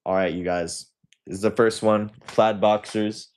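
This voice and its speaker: A young man with a deep, low voice hosts a casual livestream. He reads viewer comments aloud and answers them in a relaxed, chatty way. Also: measured pace, clear, resonant tone. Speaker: livestream host.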